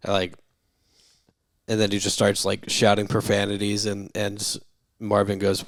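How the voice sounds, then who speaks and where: A man's voice: fairly low pitch, monotone, measured pace, creaky, no room sound, studio quality. A young adult man co-hosting a casual movie-review podcast, retelling scenes and acting out the lines as he goes. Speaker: podcast co-host.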